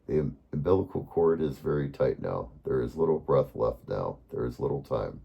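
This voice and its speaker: A man voicing a possessed male giant healer, speaking in a deep, thunderous, measured way. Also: very animated, gravelly, breathy edge, dull audio, exaggerated voice. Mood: commanding.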